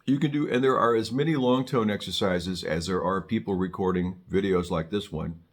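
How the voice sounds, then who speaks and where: Man, older, very low voice, sax teacher, chatty, wry asides. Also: brisk. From Southern California. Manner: chatty, joking asides, frequent restarts. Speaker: saxophone teacher. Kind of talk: casual on-camera music lesson.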